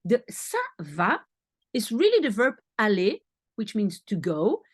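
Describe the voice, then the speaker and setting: A woman's voice: medium pitch, wildly swooping pitch, a little slow, breathy edge, dry recording. A woman teaching a language lesson, patiently explaining and repeating sounds for her student.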